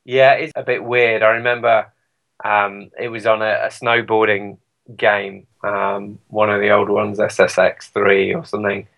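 A British musician guest rambles through a casual interview, self-deprecating and heavy on fillers. His voice is lowish, gravelly and a bit bright, with little pitch movement and a slightly slow pace. The recording is muffled.

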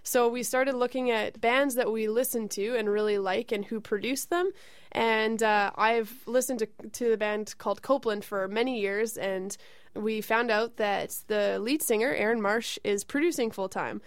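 A woman's voice: a little high, steady tone, normal speed, clean tone, no room sound. A woman from Canada, a singer-songwriter, talking in a friendly, casual studio interview. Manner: friendly, with frequent fillers and laughs. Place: radio studio.

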